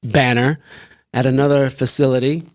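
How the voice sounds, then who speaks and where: A man's voice: mid-range voice, steady tone, moderate pace, no room sound, studio quality. A man hosting a casual live-stream show from his desk, rambling and joking as he explains a recipe. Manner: rambling, jokey, talks with mouth full. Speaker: show host. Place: small room at a desk.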